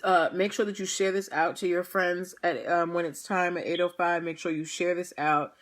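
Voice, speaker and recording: A woman's voice: on the low side, fairly even intonation, moderate pace. A young woman hosting a livestream, chatting casually with viewers, tired and laughing often. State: tired, yawning. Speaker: livestream host. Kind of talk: casual pre-show chat to viewers.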